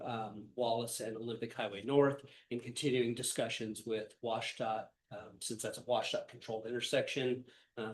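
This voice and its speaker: Over a video call at a city council meeting, a man gives the city manager's report, halting and full of fillers, his voice nasal from a cold. His voice is medium-pitched and a little mellow, in a low-quality recording.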